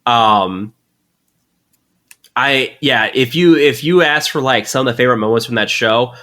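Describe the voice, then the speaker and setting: A man sitting in as co-host on a casual podcast, talking eagerly and rambling. He leans on fillers and restarts, and his voice sits at an average pitch for a man. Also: measured pace, bright, forceful tone. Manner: enthusiastic, rambling, lots of fillers.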